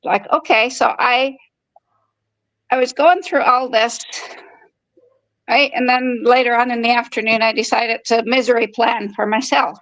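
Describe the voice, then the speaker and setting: A woman's voice: a little high, fairly even intonation, a little slow, fairly bright tone, no room sound, poor audio. A woman in her fifties telling a personal story in a frank, conversational way. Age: 50s. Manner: frank and conversational, acting out quoted dialogue. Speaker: podcast host.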